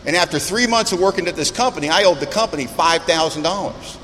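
High-voiced man telling his story in a hall. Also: fast. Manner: animated, self-mocking storyteller. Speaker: speaker at a recovery meeting. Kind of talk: personal storytelling talk. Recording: reverberant hall, faint background noise.

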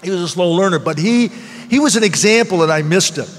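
An older man speaks to a recovery meeting in a high-pitched voice, earnest and heartfelt, circling back to repeat his key phrases. His words ring out with a long reverb in a meeting hall. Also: expressive, fairly quick. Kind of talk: personal testimony talk.

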